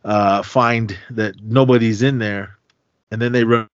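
A man's voice: fairly low pitch, steady tone, measured pace, no echo, muffled recording. Man rambling through a movie recap. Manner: rambling, filler-heavy storytelling. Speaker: podcast host.

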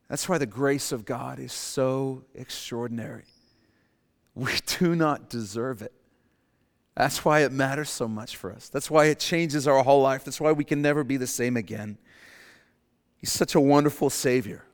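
A man preaching a sermon as pastor, swinging between forceful rises and quiet, emphatic drops. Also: mid-range voice, normal speed. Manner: dynamic preaching, dropping to quiet emphasis and rising for acted quotes. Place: church sanctuary. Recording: long hall reverb.

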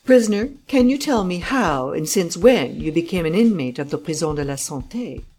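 A woman's voice: lowish voice, lively intonation, moderate pace, darkish tone, soft background music, natural voice. A woman voicing a stern, impatient male judge who fires off incredulous questions in a raised voice. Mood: coaxing.

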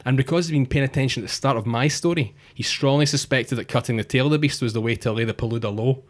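A man telling a crude, jokey comic story with deadpan asides. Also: medium pitch, fast. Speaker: podcast co-host telling a monster story.

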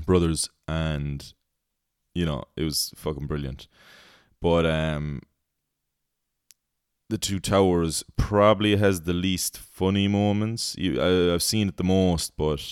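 A man's voice: extremely low pitch, clean tone, no room sound, studio quality. A young man, hosting a podcast in casual chat, rambling, swearing freely and laughing at his own jokes. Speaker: podcast host.

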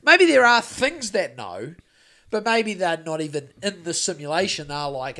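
A man's voice: high-pitched, big pitch swings, moderate pace, pushed and bright. A man, co-hosting a podcast in casual chat, rambling and swearing with lots of restarts. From New Zealand. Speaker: podcast co-host.

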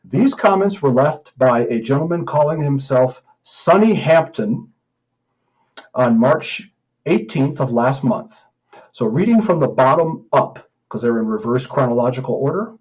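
A man's voice: mid-range voice, expressive, moderate pace, darkish tone, lo-fi sound. A man hosting a podcast, talking in an indignant, emphatic way as he reads online comments aloud and answers them. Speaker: podcast host.

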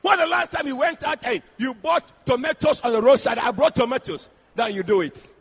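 A man preaching a sermon in church, shouting and calling out to the congregation. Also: very high voice, a little fast, gravelly, breathy edge. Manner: shouting, animated, addressing the congregation directly.

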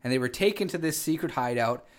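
A man's voice: mid-range voice, expressive, quick pace. A man co-hosting a casual wrestling radio show, recapping the week's events with lots of fillers and restarts. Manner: rambling with frequent fillers and restarts. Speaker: co-host.

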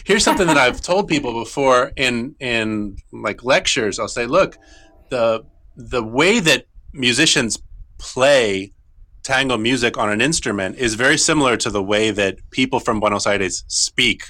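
Bright-voiced middle-aged man explaining, halting. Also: mid-range voice, animated. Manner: thoughtful, halting, with frequent restarts. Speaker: tango guitarist and teacher. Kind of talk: explanatory interview answers.

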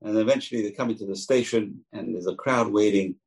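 Gravelly husky guy teaching torah, tells stories, does the voices. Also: fairly low pitch, a little fast, poor audio. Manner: animated teller, acts out quoted voices. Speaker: rabbi teaching. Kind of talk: Torah lesson with storytelling.

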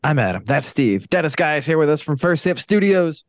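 Lively-voiced man hosting a podcast. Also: on the high side, brisk, no room sound, studio quality. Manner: jokey, runs the segments. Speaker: podcast host. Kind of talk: casual chat over beers.

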